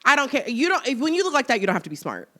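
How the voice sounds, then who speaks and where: Lively, bright-voiced young woman. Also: high-pitched, very fast. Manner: animated, laughing, tells stories with quoted voices. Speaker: podcast host. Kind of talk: casual chat.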